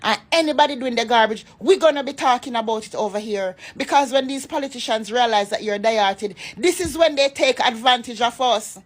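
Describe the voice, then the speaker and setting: A Jamaican woman vlogger with a fairly high voice talks a little fast with few pauses, her Jamaican accent sliding into patois. In an impassioned, emphatic political rant to her followers, she scolds her critics.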